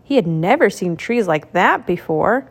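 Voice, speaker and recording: A woman's voice: medium pitch, animated, unhurried, breathy edge. Woman reading a children's storybook aloud.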